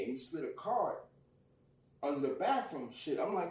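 A man tells a personal story in casual, profane talk and acts out the people in it. His voice sits a bit high for a man. He is heard from off the mic, and the room echoes around him. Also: moderate pace, far from the mic. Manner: animated, profane, acts out quotes loudly. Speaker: guest.

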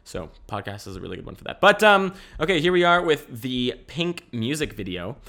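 A man's voice: medium pitch, very animated, fairly quick, creaky, sharp tone. Rambling young man podcasting. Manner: rambling, swearing, restarts. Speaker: podcast host. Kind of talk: casual solo podcast chat. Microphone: camera mic.

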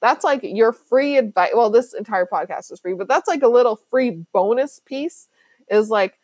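A chatty woman hosting her own podcast, talking business coaching in a loose, slangy way with lots of "like." Her voice sits a little high, and the sound is close and dry with no room around it. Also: expressive, moderate pace, darkish tone, no echo. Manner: chatty, fillers like "like", slangy and emphatic. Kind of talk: casual solo podcast talk.

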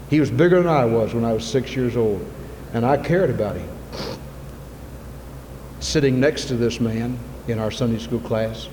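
Fervent preacher with echoing hall sound. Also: male voice, medium pitch. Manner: swings from soft and intimate to loud fervent shouting. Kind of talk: sermon. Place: church sanctuary. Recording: long reverb, faint ambient noise.

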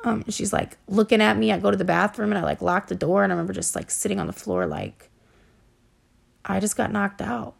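A woman hosting a podcast, telling her own story in a casual, halting way, full of fillers and swearing. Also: mid-range voice, expressive, creaky. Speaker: podcast host. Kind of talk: personal storytelling monologue.

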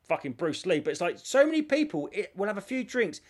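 A man co-hosting a podcast, telling stories in an animated casual chat and swearing freely. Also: high-pitched, fast talker. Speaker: podcast co-host.

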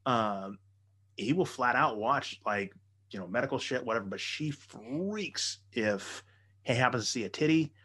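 A man spinning a story in loose podcast banter. He swears freely and keeps the energy up, jumping in and out of quoted voices. His pitch sits in the middle. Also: unhurried, husky. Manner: profane, animated storyteller. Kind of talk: casual chat, storytelling.

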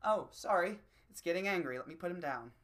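A comedian delivering a profane, rambling, self-mocking solo rant that swings between low mutters and loud bursts. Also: racing.

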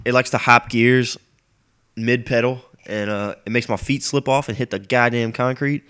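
A man's voice: mid-range voice, steady tone, normal speed, fairly bright tone, clean tone. A young man who is sick and sniffling, hosting a casual solo rant in a profane, griping, rambling way. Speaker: podcast host.

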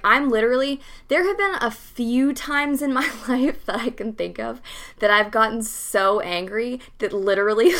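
A woman's voice: fairly high pitch, a bit bright. A young woman bluntly recounting a personal story in a casual interview, candid and swearing freely. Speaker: interview guest.

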